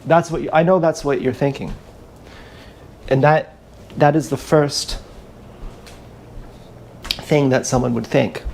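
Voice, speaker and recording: A man telling a meandering, profane story in a halting, casual livestream monologue, recorded on an action camera mic. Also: on the high side, gravelly, darkish tone, a little hiss or hum.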